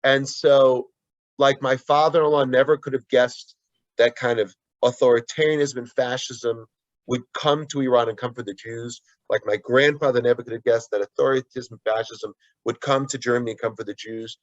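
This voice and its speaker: A man's voice: mid-range voice, steady tone, normal speed, no echo, lo-fi sound. A man being interviewed as an author, answering earnestly with frequent restarts and asides. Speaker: guest author.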